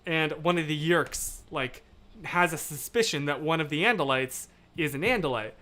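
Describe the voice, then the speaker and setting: A man hosting a livestream, chatting casually and reading viewer comments, rambling and animated, swinging between loud and hushed. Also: fairly high pitch, moderate pace. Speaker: livestream host.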